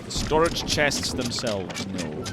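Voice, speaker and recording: A man's voice: fairly low pitch, sing-song, slow, noisy background. A man captaining a crew in casual gaming chat, easygoing and chuckling often. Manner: chuckling, easygoing, with frequent laughs. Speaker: streamer captain of a pirate crew.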